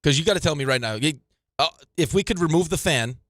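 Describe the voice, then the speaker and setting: Fast-talking teasing male radio co-host. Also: fairly high pitch, animated, a bit bright, no echo, clean studio sound. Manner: teasing, quick-witted. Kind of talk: casual sports radio banter.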